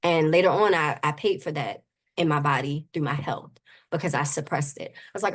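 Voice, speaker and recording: A woman's voice: sits low, a little fast. A middle-aged woman, a grief coach, talking earnestly about faith and loss in an interview, with many "you know"s. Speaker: grief coach and suicide prevention advocate, guest. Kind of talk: heartfelt conversational interview.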